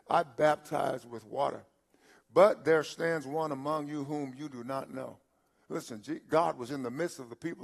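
A man's voice: mid-range voice, slightly rough. Older preacher man in his seventies. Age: 70s. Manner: repetitive preaching with rhetorical questions, swelling louder at points; halting restarts and filler sounds. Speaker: pastor. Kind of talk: sermon.

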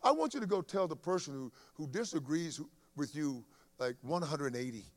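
A man preaching a sermon, animated, full of restarts and acted-out quotes. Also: on the high side, moderate pace. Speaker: pastor.

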